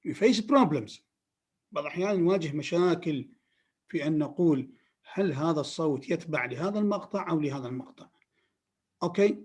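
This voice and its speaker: High-voiced lecturer checking on students. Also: male voice, rapid-fire, pauses often, darkish tone, breathy edge. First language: Arabic. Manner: repetitive, keeps checking that students follow. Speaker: phonetics lecturer. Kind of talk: classroom lecture.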